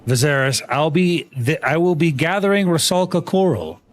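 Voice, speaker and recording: A young man live-streaming a game, talking to his chat in an excitable, laughing, apologetic way. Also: a little high, moderate pace, soft background music.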